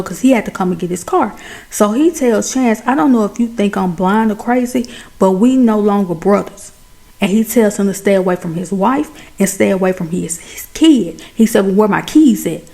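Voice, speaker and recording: Gravelly lady doing a movie recap, mellow dark voice, chatty and lively. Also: mid-range voice, moderate pace. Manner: chatty, animated, talks straight to viewers.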